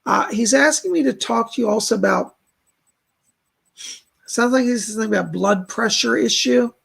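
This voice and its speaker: A man's voice: extremely high pitch, moderate pace, creaky, a bit bright, husky. A man hosting a live stream, giving chatty psychic readings and relaying spirit messages with plenty of fillers. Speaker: psychic reader and host.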